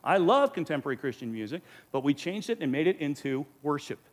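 A man's voice: fairly high pitch, sing-song, fast. A man in the role of pastor, giving an earnest, emphatic teaching sermon into a microphone and asking rhetorical questions. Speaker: pastor teaching a Bible study.

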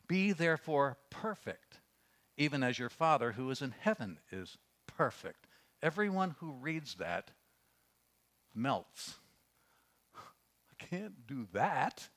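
Man preaching an earnest sermon. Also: medium pitch. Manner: earnest preaching, swings from hushed storytelling to raised emphasis; reads scripture aloud, with fillers and restarts. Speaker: pastor.

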